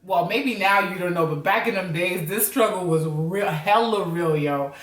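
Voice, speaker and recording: Give me an animated, slangy woman with an American accent telling a story in an echoey room. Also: on the low side, moderate pace. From Africa. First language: Criollo. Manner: slangy and animated, laughs often. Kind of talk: casual storytime monologue. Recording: roomy, mic at a distance.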